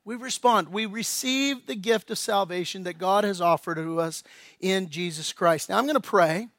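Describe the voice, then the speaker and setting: A male pastor preaching a sermon, swinging between loud, emphatic lines and hushed, slow appeals. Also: sits high, no echo. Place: church.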